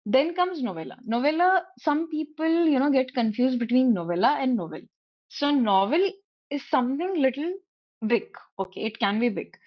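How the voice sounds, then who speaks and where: A woman's voice: on the high side, highs cut off. A woman with an Indian accent giving an online talk, explaining terms and often checking in with "okay?". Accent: Indian English. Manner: explains in English mixed with Hindi, frequent "okay?" checks. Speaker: guest speaker on reading. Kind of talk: online presentation with slides. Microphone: video call.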